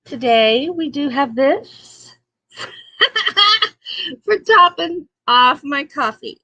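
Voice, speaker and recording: Woman host, easygoing morning chat, unhurried delivery, slightly high voice, laughs a lot. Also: lively intonation, pushed and bright, no echo. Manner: chatty and homey, laughs often, many fillers. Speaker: livestream talk show host. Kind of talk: casual chat reading viewer comments.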